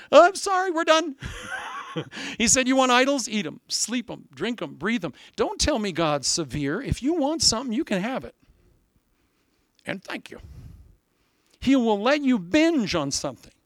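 Preaching a sermon, this Iowa man brings his stories to life, doing different voices and laughing along the way. His voice sits high, and the audio is studio quality without room sound.

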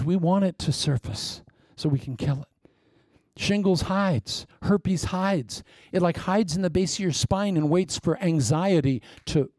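A man's voice: fairly high pitch, mellow, no room sound, studio quality. A man preaching a fervent, conversational sermon and leading a closing prayer.

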